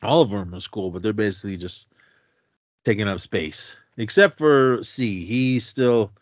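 A man's voice: on the low side, normal speed, no room sound. A man co-hosting a podcast, casually retelling a film's plot and acting out the characters' lines in raised voices, chuckling as he goes. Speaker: podcast co-host. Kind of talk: casual chat retelling a film. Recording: dry, slightly dull lo-fi audio.

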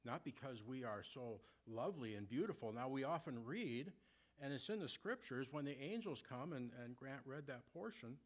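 A man preaching a sermon in an ordinary middle-pitched voice. He poses rhetorical questions to his congregation and slows down to read scripture and hymn verses with deliberate weight. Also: lively intonation. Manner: reads scripture and hymn lines slowly and deliberately.

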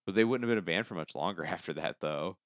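A man's voice: deep voice, fast talker, dry recording, studio quality. A man co-hosting a podcast, chatting casually late at night in a rambling, laid-back way with easy swearing, into a microphone at a home setup. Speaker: podcast co-host.

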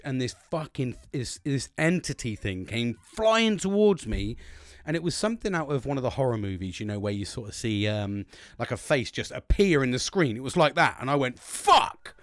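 A British man spins a rambling, profanity-laced story, his pitch leaping all over the place. He keeps breaking into laughter at his own tale. The voice sounds close and dry, with no room sound. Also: very animated, normal speed, dry recording. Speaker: host recounting his dreams. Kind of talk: casual storytelling monologue.

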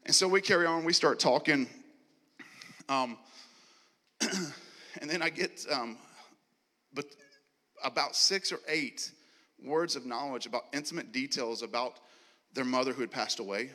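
A man preaching a sermon as he tells a story, acting out the dialogue and laughing and clearing his throat often. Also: medium pitch, measured pace, long pauses, bright, forceful tone. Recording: long hall reverb.

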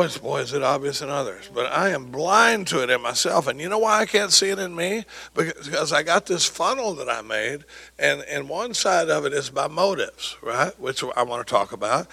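A man's voice: on the high side, vocal fry, a bit bright, husky. An older man giving a folksy, joking talk at a recovery meeting, acting out the voices of people he quotes. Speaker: recovery speaker.

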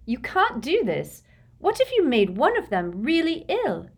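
Cast: bossy teen schoolgirl witch, high and sharp, scolding, read by a woman narrator. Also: big pitch swings, takes it slowly, exaggerated voice. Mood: indignant.

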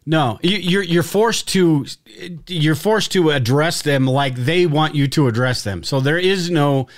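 A man co-hosting a casual live stream, talking bluntly and swearing freely, often restarting his sentences. His voice sits a touch higher than most men's. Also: a little slow. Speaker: podcast co-host.

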